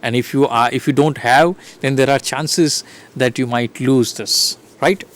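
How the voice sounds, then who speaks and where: A man with an Indian English accent giving an online lecture to teachers, pausing often with fillers and restarting his sentences. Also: mid-range voice, steady tone. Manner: hesitant, many fillers and restarts. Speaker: teacher educator.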